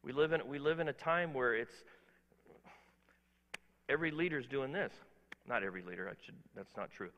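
A pastor preaching a sermon, emphatic, swinging between quiet asides and loud exhortation, putting questions to the congregation. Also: male voice, medium pitch, lively intonation, normal speed, long pauses, in a large hall, muffled recording.

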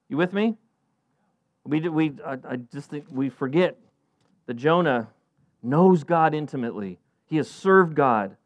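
A middle-aged man preaching a sermon as pastor, animated, acting out Bible characters in a raised voice. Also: dry recording. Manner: animated, acts out Bible characters with rising pitch.

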